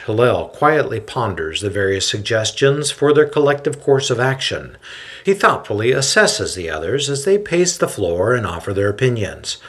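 Male podcast host, scripted narration, lively pitch, slightly husky voice. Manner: expressive, dramatic storytelling.

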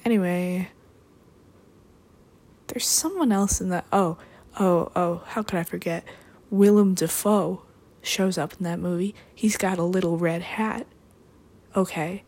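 Deadpan young woman rambling. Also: on the low side, measured pace. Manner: deadpan, meandering, with dry asides. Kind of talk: rambling solo monologue.

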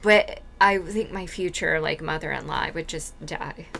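A woman co-hosting a podcast in casual chat, quick and teasing, often giggling. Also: low voice, creaky, a bit bright. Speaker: podcast co-host.

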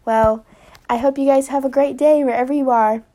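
A woman's voice: high-pitched, steady tone, moderate pace, mellow. Chatty earnest young woman podcaster. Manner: chatty and earnest, many likes and ums, half-sings lyrics. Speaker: podcast host. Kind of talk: casual faith podcast monologue.

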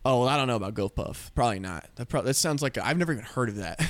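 A man in his twenties, a podcast host, telling a rambling, animated story with heavy swearing. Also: mid-range voice, very fast, no echo. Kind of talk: casual storytelling.

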